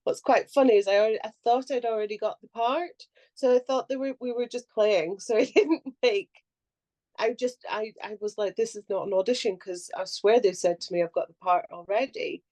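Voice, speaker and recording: A young adult actress chats casually on a podcast in a mid-range voice at normal speed. She tells stories full of laughter, acting out what people said in an animated way.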